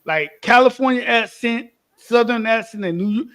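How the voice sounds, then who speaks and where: A man with a notably high voice talks in loose podcast banter. He is blunt and opinionated and swears freely. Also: normal speed, fairly bright tone, clean tone. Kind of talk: casual group chat.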